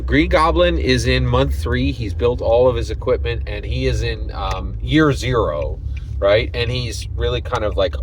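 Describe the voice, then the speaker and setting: A man with a lowish voice walks through his tabletop game session in a loose, rambling way. He keeps checking in with "right?" and "you know" as he tells it. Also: a little hiss or hum, poor audio. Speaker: game master.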